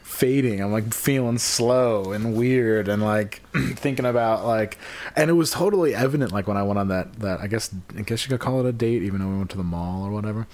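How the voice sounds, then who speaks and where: A young man co-hosting a podcast in casual chat, sounding subdued and sluggish and talking haltingly with many fillers. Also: fairly low pitch, a little mellow. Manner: halting, full of fillers and restarts. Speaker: podcast co-host.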